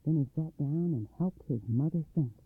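A man's voice: on the high side, normal speed, husky, no room sound. A man narrating a folk tale for a radio storytelling program, reading expressively and dramatically. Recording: dry, tinny phone-like sound.

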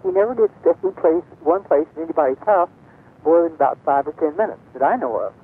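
A woman's voice: low-pitched, expressive, fast talker, slightly rough. Older woman reminiscing over a tinny line. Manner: rambling storyteller, many fillers. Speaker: radio guest. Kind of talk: reminiscing on a call-in radio show. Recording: tinny phone-line sound.

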